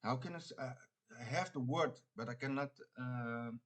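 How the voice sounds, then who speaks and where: Halting preacher man saying "man" a lot. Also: medium pitch, a bit bright. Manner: says "man" constantly, halting with many restarts and fillers. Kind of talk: informal preaching monologue.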